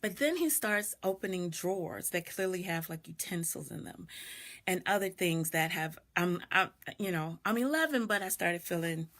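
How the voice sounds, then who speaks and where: A woman's voice: lowish voice, animated, normal speed, fairly bright tone. Middle-aged woman telling a personal story. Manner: reflective, greets viewers mid-story. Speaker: doula and video host. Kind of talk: personal storytelling on a live stream.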